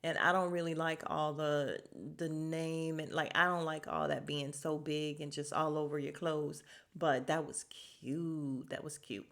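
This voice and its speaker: A woman's voice: low-pitched, little pitch movement, a little slow, creaky. A woman hosting a podcast, recapping a reality show in casual, blunt, profane chat and laughing often. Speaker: podcast host.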